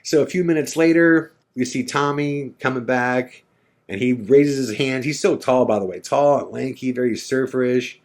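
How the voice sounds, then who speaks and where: A man hosting a podcast, spinning an anecdote in a loose, conversational way. He jumps into the voices of the people in the story as he goes, at a mid-range pitch. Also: moderate pace. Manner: animated, acts out dialogue. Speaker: podcast host. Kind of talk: casual storytelling.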